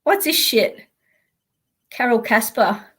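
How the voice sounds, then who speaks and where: A woman's voice: a little high, lively intonation, slow pace, a bit bright, slightly rough. An Australian woman, a psychic, chatting casually on a live stream in a blunt, sweary way and often laughing.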